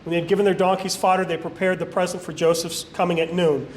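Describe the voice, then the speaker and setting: Man, high-pitched, Bible study leader, reading scripture aloud, halting, self-correcting, casual asides. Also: little pitch movement, a little mellow, a little hiss or hum.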